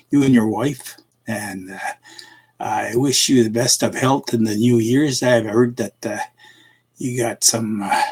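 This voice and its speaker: A man's voice: medium pitch, breathy edge. A middle-aged man hosting a casual live stream, chuckling often and tossing in "eh" as he greets viewers by name. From Canada. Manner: chuckling, folksy, halting with many "eh"s and fillers. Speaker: livestream host.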